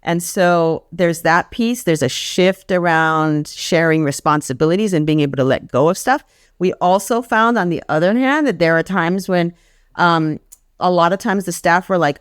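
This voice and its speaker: A woman's voice: fairly low pitch, moderate pace, clear, resonant tone, dry recording, clean studio sound. A woman guest talking casually and earnestly about a sabbatical grant program, telling stories and acting out the people she quotes. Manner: earnest storytelling, acts out quoted voices. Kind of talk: casual conversation.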